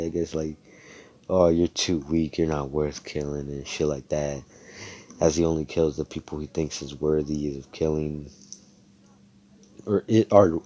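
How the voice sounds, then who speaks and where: A man's voice: very deep voice, mellow, highs cut off. A young man casually recapping a role-play session, rambling, swearing and full of fillers. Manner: rambling, profane, filler-heavy.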